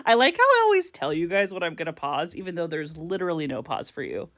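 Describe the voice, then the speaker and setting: An adult woman, a parent, vlogs a review of a TV series as an unfiltered casual rant to camera, animated, swearing freely and laughing often. Her voice is fairly low and brisk, and the recording is dry.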